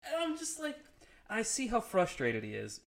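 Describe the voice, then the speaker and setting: A man's voice: high-pitched, wildly swooping pitch, normal speed, gravelly. A man telling a profane, laugh-filled story in a casual chat, acting out the people he quotes. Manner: profane, laughs often, acts out quoted friends.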